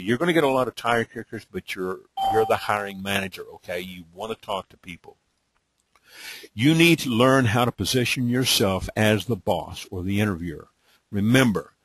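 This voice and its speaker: Husky Texas man hosting a webinar. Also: lowish voice, dry recording. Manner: repetitive, drawling, many "okay?" check-ins. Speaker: webinar host. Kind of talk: live online training webinar.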